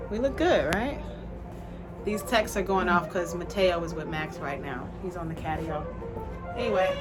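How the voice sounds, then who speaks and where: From her ship cabin, a breathless cruise ship singer and vlogger chats casually while putting on makeup. Her voice is lowish, and she's animated and talkative, frequently speaking aside to her viewers.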